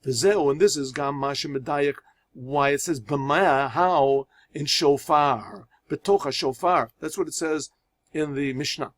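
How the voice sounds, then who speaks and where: Rabbi translating Hebrew line by line. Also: male voice, fairly high pitch. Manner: reads Hebrew phrases and translates each into English; storytelling with restarts and pauses. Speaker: rabbi teaching a class. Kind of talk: religious lesson.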